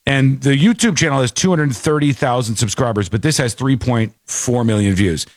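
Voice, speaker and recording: A man hosting a podcast, giving casual, animated commentary on a viral clip. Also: mid-range voice, moderate pace, dry recording, clean studio sound. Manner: animated, mocking impressions. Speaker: podcast host.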